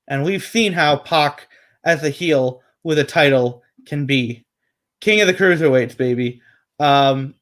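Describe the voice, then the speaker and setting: A man's voice: medium pitch, a bit bright. A man co-hosting a casual wrestling predictions chat, rambling with many fillers and restarts.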